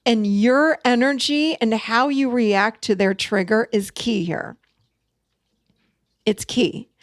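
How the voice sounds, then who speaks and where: A woman's voice: fairly high pitch, no echo. Emphatic woman podcast host, dry close sound. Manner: emphatic, repeats key phrases, quick laughs. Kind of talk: casual teaching monologue.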